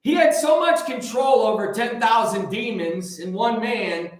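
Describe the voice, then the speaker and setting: High-voiced preacher man in an echoey room. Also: unhurried. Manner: joking, rambling, animated. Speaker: host and preacher. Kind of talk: casual live preaching talk.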